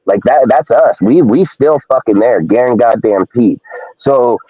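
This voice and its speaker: A man's voice: medium pitch, normal speed, husky, no echo. A man hosting a live show, ranting in a heated, profane, confrontational way. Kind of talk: live-stream rant. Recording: dull lo-fi dry stream audio.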